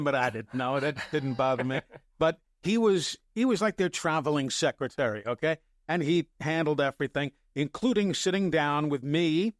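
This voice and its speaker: An older man who works as a sports broadcaster tells stories casually and with animation, often chuckling. His voice sits somewhat high for a man. The recording is dry and close. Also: dry recording. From New York area. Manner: animated anecdotes, chuckling, quoting himself. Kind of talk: casual storytelling on a podcast.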